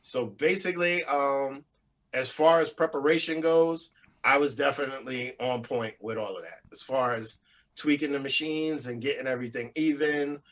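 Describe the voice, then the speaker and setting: A middle-aged man, a former studio engineer, explaining his work in a relaxed, slangy way. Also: mid-range voice, normal speed. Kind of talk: casual interview storytelling.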